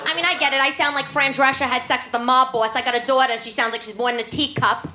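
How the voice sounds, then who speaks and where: A woman playing a brash, divorced New York single mother with a nasal New York accent, doing loud, brassy crowd work in a live cabaret comedy set on stage. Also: sits high, steady tone, quick pace, natural voice. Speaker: stand-up character. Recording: echoey room, noisy live venue.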